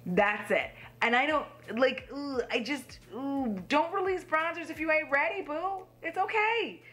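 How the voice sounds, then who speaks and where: A woman's voice: high voice, a little slow, a bit bright. A young woman giving blunt, sassy makeup commentary from home, swearing casually. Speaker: beauty YouTuber.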